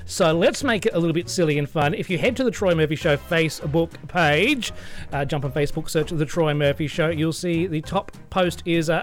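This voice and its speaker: A man hosting a radio show, chatty and quick to laugh. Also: a little high, soft background music. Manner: chatty, laughs easily, many fillers. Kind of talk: casual radio chat.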